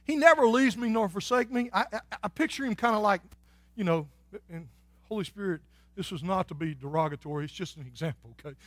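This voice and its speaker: A male pastor preaches in a folksy, homespun way, his voice sitting high for a man. He sinks to near murmurs and climbs back to shouts. The sound is close and dry, with no room around it. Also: a little fast, no room sound. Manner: folksy, swings from soft and low to loud and shouting. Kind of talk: sermon.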